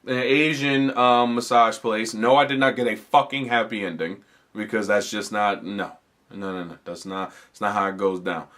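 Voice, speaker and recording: A man's voice: on the low side, steady tone, normal speed, a bit bright. A man hosting a comedy podcast, telling a rambling, profane story in a casual way, full of fillers and restarts. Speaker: podcast host.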